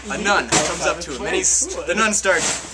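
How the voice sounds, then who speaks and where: A man's voice: a little high, animated, moderate pace, a loud crowd. A young man telling bar jokes casually among friends at home, rambling and hesitant with fillers. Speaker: joke teller. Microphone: handheld camcorder. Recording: faint background noise, home camcorder.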